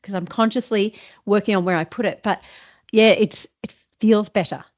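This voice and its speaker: A woman host receiving coaching, eager and upbeat with quick yeses and reactions. Her voice has a middling pitch. The sound is muffled and lo-fi. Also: fairly even intonation. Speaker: show host and actor. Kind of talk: one-on-one coaching session. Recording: dull lo-fi recording.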